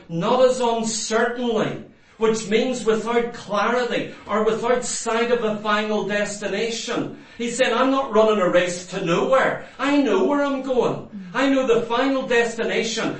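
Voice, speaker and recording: High-voiced emphatic preacher in echoey hall. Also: male voice, far from the mic. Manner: emphatic, repeats phrases, rising to loud exhortation. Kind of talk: sermon.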